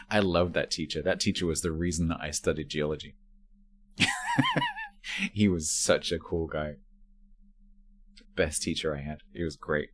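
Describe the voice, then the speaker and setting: A man's voice: sits low, slight background noise. A man chatting casually on a live stream at home while packing to move. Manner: rambling, chatty while sorting cables.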